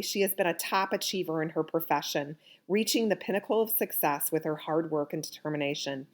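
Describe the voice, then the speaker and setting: A woman hosting an interview podcast, formally introducing her guest from a prepared text. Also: fairly low pitch. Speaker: host.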